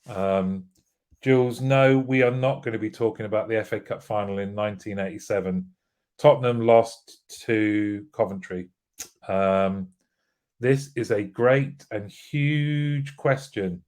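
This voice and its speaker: A man's voice: lowish voice, unhurried, a little mellow. A British man hosting a casual live show, greeting viewers by name and joking as he reads their comments. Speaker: livestream host.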